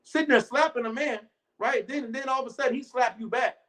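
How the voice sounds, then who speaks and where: Male preacher, high voice, casual rhetorical sermon, reads verses slowly. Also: a bit bright, low-quality recording. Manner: loose, rhetorical, keeps asking "right?"; reads scripture slowly and deliberately. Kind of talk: informal sermon.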